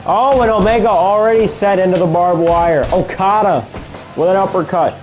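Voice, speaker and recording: Young male gamer, slightly high voice, excitable play-by-play over faint game music. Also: normal speed. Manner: excitable play-by-play, shouts at big moments, mutters asides. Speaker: gaming video creator. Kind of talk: casual gameplay commentary.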